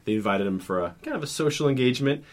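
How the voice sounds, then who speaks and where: A man's voice: mid-range voice, lively intonation, rapid-fire. Male co-host, mid-range voice, rambling retellings, laughs often. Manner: rambling storytelling, laughs easily. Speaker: podcast co-host. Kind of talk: casual film discussion.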